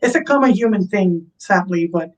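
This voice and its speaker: A woman's voice: on the low side, animated, moderate pace, distant mic, poor audio. A woman hosting a casual conversation, affirming often and sharing her own story. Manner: affirming, frequent backchannel.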